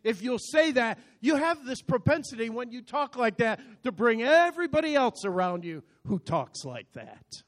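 A man in his sixties preaching a sermon as pastor, speaking emphatically with sudden swings between loud and soft, and often repeating words as he starts a phrase. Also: extremely high pitch, lively intonation, normal speed. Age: 60s.

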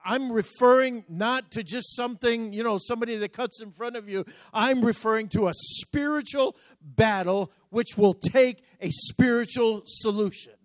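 A man preaching a sermon as pastor, emphatic, slowing down to read scripture aloud. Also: extremely high pitch, no room sound.

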